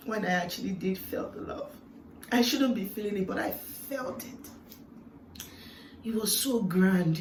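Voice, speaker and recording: Woman vlogger, heartfelt storytelling, reflective with emotional peaks; roomy, distant mic sound with faint background hiss. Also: medium pitch. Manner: earnest and reflective, with emotional swells and hushed moments. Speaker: vlogger sharing a personal testimony.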